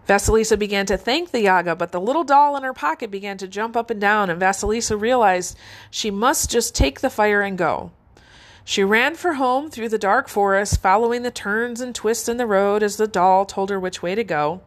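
A woman narrating a fairy tale in a measured, expressive way. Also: medium pitch. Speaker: storyteller.

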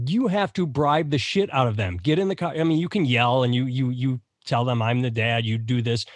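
A man's voice: on the high side, no echo, studio quality. A man in his thirties, a podcast co-host, ranting in a sardonic, profane way during casual chat.

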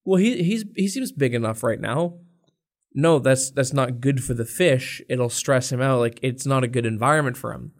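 A man's voice: mid-range voice, normal speed. Give me a young man venting with a casual curse-laden story, imitating the people he talks about. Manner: profane, exasperated storytelling, acts out customers. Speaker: podcast co-host. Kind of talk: casual podcast chat.

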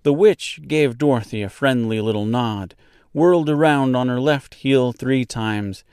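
A man hosting a podcast, reading a children's classic aloud in slow, deliberate storybook narration. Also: mid-range voice, darkish tone, clean tone, dry recording, studio quality.

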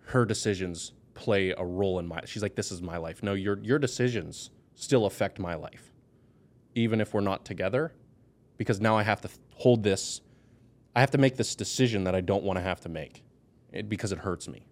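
A man with a fairly low voice speaks candidly as a podcast guest. He is blunt and emotional, and his voice rises and pushes hard on key words. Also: a little fast. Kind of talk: candid personal conversation.

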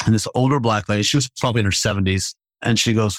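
A man who is a stand-up comedian, telling stories in a casual conversation. He talks in an animated way, laughing and acting out the voices of the people he quotes. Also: fairly low pitch, fast talker, no room sound.

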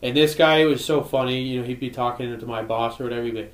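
A man's voice: medium pitch, fast. Rambling man in an echoey room. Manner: rambling, lots of fillers and swearing. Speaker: podcast co-host. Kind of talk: casual chat.

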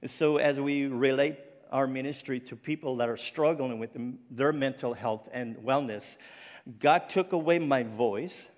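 Slow earnest preacher, faint French-like accent. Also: male voice, medium pitch. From Cape Breton Island, Canada. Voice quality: speech faintly like a French accent, left by a stroke. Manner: slow, earnest, personal, with restarts. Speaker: ministry speaker. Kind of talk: sermon. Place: church sanctuary. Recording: long reverb of a large church.

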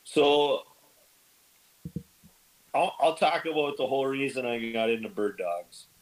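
A man guest on a podcast, telling stories in casual chat, lively and animated, acting out quoted lines with big jumps in pitch. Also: a little slow, low-quality recording. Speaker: podcast guest, bird dog kennel owner.

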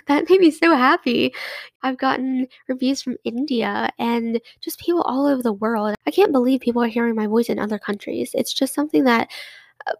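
Gushing woman podcaster, slightly gravelly. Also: fairly high pitch, no room sound. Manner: effusive and grateful, chatty with many restarts. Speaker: solo podcast host. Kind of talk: casual monologue to listeners.

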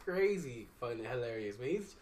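A man who does stand-up, co-hosting a podcast with lively, laughing talk and casual cursing. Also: mid-range voice, moderate pace, echoey room, recorded from a distance. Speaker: podcast co-host, stand-up comic.

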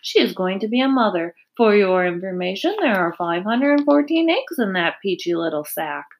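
A woman's voice: medium pitch, big pitch swings, moderate pace, dull audio, lightly acted. A woman voicing an innocent young male pig who talks eagerly.

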